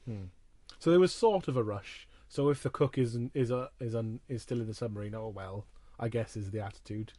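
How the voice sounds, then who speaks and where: A man's voice: medium pitch, fairly quick, warm tone, dry recording. Casual host, male, dry close voice, meandering wry delivery. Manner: rambling, wry recapping of the plot with frequent restarts. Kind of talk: casual chat.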